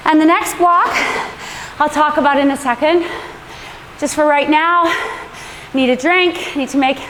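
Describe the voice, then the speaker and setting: A woman's voice: sits high, steady tone, unhurried, long reverb tail, background noise. A woman coaching an indoor cycling class, chatty and instructive, laughing often between cues.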